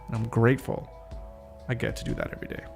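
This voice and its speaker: A man's voice: mid-range voice, huge pitch swings, fast talker, gravelly, soft background music. A man hosting a podcast, reading draft lines of a script aloud, stopping often to rethink and reword them. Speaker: podcast host. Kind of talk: casual solo script rehearsal.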